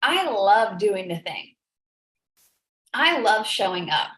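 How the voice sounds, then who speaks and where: A woman's voice: medium pitch, big pitch swings, slow, fairly bright tone. Earnest woman hosting an echoey live stream. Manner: emotional, earnest, repeats phrases for emphasis. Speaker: host of a live business coaching stream. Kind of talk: live-stream motivational talk. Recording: echoey room.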